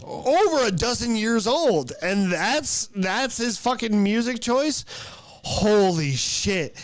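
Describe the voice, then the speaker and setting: A man's voice: high-pitched, lively intonation, slow pace. A young adult man, a podcast host and stand-up comic, chatting casually and profanely, rambling with restarts. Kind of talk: casual chat.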